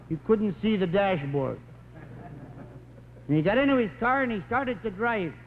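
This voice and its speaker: A man's voice: high-pitched, long reverb tail. A man telling rambling joke stories as a stand-up comedian on a telethon stage. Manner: wisecracking, rambling anecdotes. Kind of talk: stand-up storytelling. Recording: tinny 1950s broadcast recording, faint hiss.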